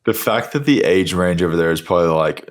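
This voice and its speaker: A man's voice: sits low, lively intonation, brisk. A young American man hosting a podcast in easygoing casual chat, drawing out his words and laughing. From United States. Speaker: podcast host.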